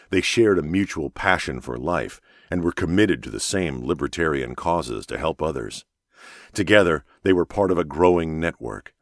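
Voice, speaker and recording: Reading scripted thriller narration, this male audiobook narrator speaks in a very deep, low register with a steady, measured delivery. The sound is close-miked and completely dry, with no room sound.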